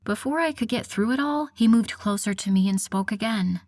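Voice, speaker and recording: A woman narrating a first-person romance audiobook in a soft, breathy, intimate delivery. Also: medium pitch, a little fast, no room sound.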